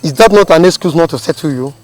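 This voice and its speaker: A man's voice: a little high, expressive, fast, soft background music, natural voice. A man with a Nigerian accent playing a doubtful friend who keeps questioning, in a film scene. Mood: skeptical. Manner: skeptical, questioning. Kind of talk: film acting.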